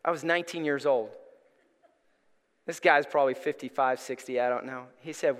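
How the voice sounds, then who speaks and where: A man preaches a lively sermon, telling stories with energy that swells toward near-shouts. His voice sits high and sounds bright and forceful. It rings with the long reverb of a church sanctuary, picked up by a stage microphone. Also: brisk. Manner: animated storytelling, rising to near-shouts. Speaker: pastor.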